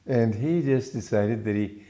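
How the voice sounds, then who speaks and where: A man from Romania, a spiritual teacher giving a gentle, unhurried reflective talk with small restarts. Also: on the low side.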